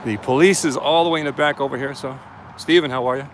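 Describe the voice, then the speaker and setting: Steady in tone and a fast talker, this man has a mid-range voice. On his outdoor live stream as a First Amendment auditor, he walks a police station with a handheld camera, casually greeting viewers by name amid slight background noise.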